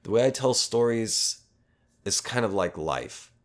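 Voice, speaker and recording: A man's voice: on the low side, lively intonation, measured pace. A man hosting a podcast, telling a long story in a rambling, casual way with lots of swearing and self-aware asides. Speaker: podcast host.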